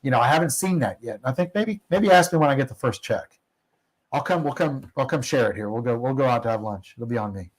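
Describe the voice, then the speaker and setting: A man's voice: mid-range voice, lively intonation, fast talker, poor audio. A middle-aged man talks casually as a guest in an interview. He tells long anecdotes in a loose, rambling way, laughing at himself and often restarting his sentences. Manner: rambling, self-deprecating, many restarts. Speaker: guest, oil company operator.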